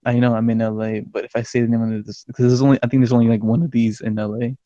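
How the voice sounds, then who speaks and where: Young male podcast co-host, animated rambling storyteller with a warm, dark voice, recorded close and dry. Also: medium pitch, fast talker, no room sound, highs cut off. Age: young adult. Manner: excitable, swears a lot, laughs mid-story. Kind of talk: casual storytelling chat.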